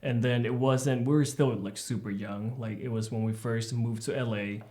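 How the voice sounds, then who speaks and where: A man's voice: medium pitch, steady tone, moderate pace, a little mellow. A young man from the Bay Area, a guest chatting casually and easygoingly. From San Francisco Bay Area. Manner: easygoing, says "like" a lot. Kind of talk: casual chat.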